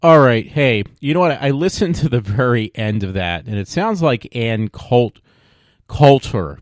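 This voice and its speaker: A man's voice: medium pitch, lively intonation, measured pace, no room sound, studio quality. A man hosting his own show, rambling and apologetic, tired after a long day, talking casually to viewers. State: exhausted. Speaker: vlog host. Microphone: home mic.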